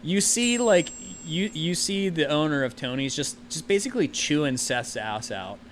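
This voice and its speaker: A man running a tabletop game as game master, with a slightly high voice. He narrates in a loose, rambling way, full of fillers. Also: animated, moderate pace, a little hiss or hum.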